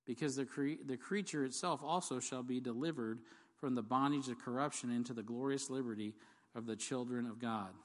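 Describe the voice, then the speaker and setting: A man's voice: medium pitch, fairly quick. Preacher man in a reverberant hall. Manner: conversational and jokey, quizzing the congregation. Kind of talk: sermon.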